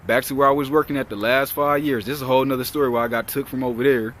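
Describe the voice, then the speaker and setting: A man's voice: mid-range voice, steady tone, racing, fairly bright tone. A young man holds forth outdoors in a mid-range voice. He rambles through a heated, swear-heavy story. Faint traffic hums behind him. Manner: heated, profane, rambling retelling. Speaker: vlogger. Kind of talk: casual storytelling.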